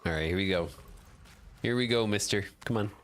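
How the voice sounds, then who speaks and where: An excitable man chatting casually and swearing while live-streaming a game, reacting loudly and answering chat. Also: fairly low pitch, fairly quick. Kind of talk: casual live gameplay commentary.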